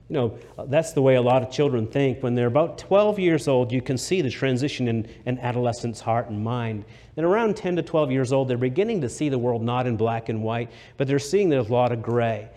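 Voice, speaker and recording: A middle-aged man preaching a sermon, dropping to a near whisper and then rising loud and fervent, slowing down to stress key words. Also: mid-range voice. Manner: swings from hushed to loud and fervent; slows down for emphasis.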